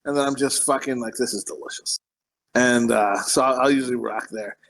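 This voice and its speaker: A man's voice: mid-range voice, steady tone, brisk, vocal fry, a bit bright, low-quality recording. A man hosting a casual podcast chat, rambling and mumbling his words, swearing freely. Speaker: podcast host.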